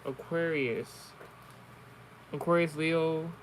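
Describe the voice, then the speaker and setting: Rambling, profane man, fairly high voice. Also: steady tone, slow, slight background noise, rough recording. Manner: rambling, profane, many restarts. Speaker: online streamer. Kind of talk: casual storytelling and card reading.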